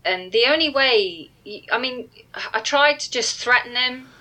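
A woman in casual chat, telling a halting story about a game. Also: on the high side, lively intonation, pushed and bright, low-quality recording. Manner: short backchannels, then a halting story.

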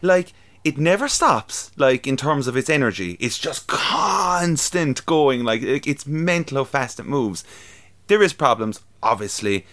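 A man's voice: medium pitch, lively intonation, a little slow, fairly bright tone. Chatty young man, laughing. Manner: chatty, laughing, swearing freely. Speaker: podcast co-host. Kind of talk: casual chat reviewing films.

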